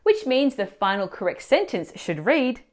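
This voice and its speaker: A woman teacher explaining grammar mistakes in clear, instructive scripted narration, asking the viewer questions. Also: on the high side, sing-song, normal speed. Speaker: language teacher.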